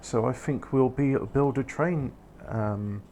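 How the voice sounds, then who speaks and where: A man narrates a factory-building game in casual let's-play style, speaking slowly in a medium-pitched, somewhat mellow voice over a faint hiss or hum. He wanders in his commentary, fixes his own mistakes and adds wry comments.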